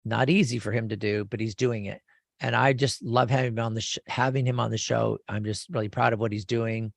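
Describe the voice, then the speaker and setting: A man's voice: mid-range voice, fairly even intonation, brisk, gravelly, no room sound. A man in his fifties hosting a radio show, talking in a rambling, enthusiastic way with frequent restarts. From California. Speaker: radio show host and lawyer. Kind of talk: casual radio talk.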